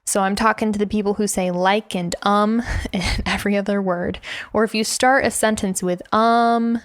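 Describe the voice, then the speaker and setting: A woman's voice: mid-range voice, dry recording. A woman hosting a business coaching podcast, talking directly and emphatically and laughing now and then as she teaches. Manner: direct and emphatic, laughs often, demonstrates tone by example. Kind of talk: instructional podcast talk.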